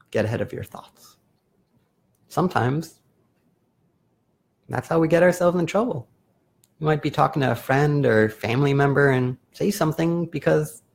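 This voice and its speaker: A man hosting a live video as a therapist, explaining calmly in a casual, self-correcting way. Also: mid-range voice, vocal fry. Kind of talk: casual live-stream talk.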